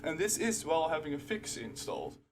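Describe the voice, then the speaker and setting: A man making a casual screen-recorded rant about a software bug, growing louder and more emotional as he talks into his desktop microphone. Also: on the high side, very animated, fairly quick, noisy background. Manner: frustrated, grows louder and emotional. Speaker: software user ranting. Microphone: desktop computer microphone.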